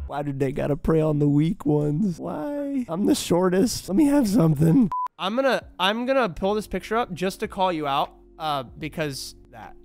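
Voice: medium pitch, very animated, normal speed, a little mellow. A streamer chatting casually on stream, laughing often and swearing playfully. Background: faint lo-fi music.

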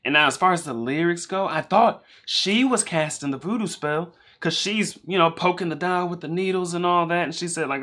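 A man talks through a live reaction stream in a loose, rambling way, working his thoughts out as he goes. His voice sits a little high and sounds bright and forward. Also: a little fast, few pauses. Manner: chatty, rambling, thinking out loud. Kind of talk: casual live-stream commentary.

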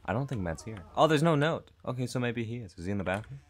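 A man's voice: medium pitch, lively intonation, fast, slight background noise. Joking young man playing a horror game. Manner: nervous joking, reads in-game dialogue aloud, laughs at own jokes. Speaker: gaming YouTuber. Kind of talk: horror game let's play commentary.

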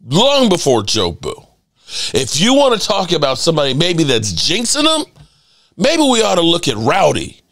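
A man's voice: fairly high pitch, fairly bright tone. A man, a sports channel host delivering a heated, profane rant with lots of repetition. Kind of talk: ranting commentary.

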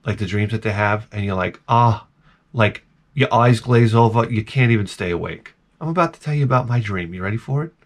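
A man's voice: fairly low pitch, a little fast. A man vlogging in a casual, rambling monologue, telling wry stories full of "like"s and restarts. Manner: meandering, wry storytelling with many "like"s.

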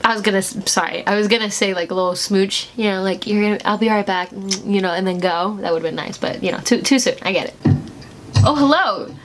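A woman hosting a reaction video, chatting casually and gushing excitedly, sometimes breaking into squeals. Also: medium pitch, a little fast, slight background noise.

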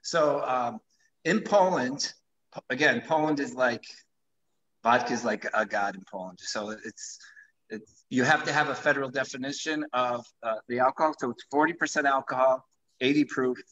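Man, vodka brand founder on a livestream, eager sales pitch, bright tone, dull lo-fi sound. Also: normal speed. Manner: enthusiastic, pitching his product. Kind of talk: live-streamed conversation.

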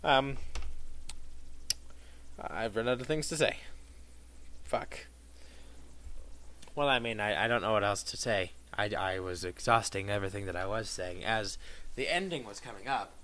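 A man commentating on his own gameplay, swearing a lot and making sarcastic, excitable remarks. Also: on the low side, measured pace, long pauses. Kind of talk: profane let's-play commentary.

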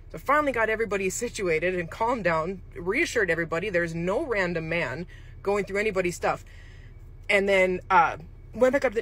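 A woman's voice: medium pitch, fairly bright tone, husky. A woman casually telling a creepy true story, chatty and rambling, with laughs mid-sentence. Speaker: storyteller host.

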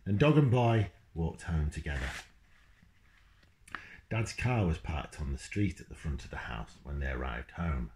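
A children's author reads his book aloud indoors at home, pausing now and then to talk to his dog. His voice is lowish with a darkish tone, and the recording has a roomy echo.

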